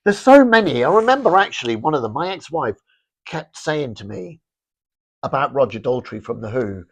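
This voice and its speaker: A middle-aged man, a fashion brand founder, telling rambling, animated anecdotes with lots of restarts in a casual interview. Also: mid-range voice, moderate pace, dry recording.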